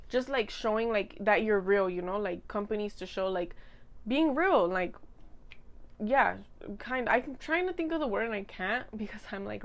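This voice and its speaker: A young woman in her twenties chatting casually to camera, rambling, giggling and teasing herself while she eats. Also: fairly high pitch. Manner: rambling, giggly, self-mocking. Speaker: vlogger. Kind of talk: casual chat.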